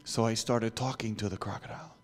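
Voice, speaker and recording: A man telling a story to children in church, animated, asking the listeners questions and dropping to whispers. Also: fairly low pitch, brisk. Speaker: guest speaker.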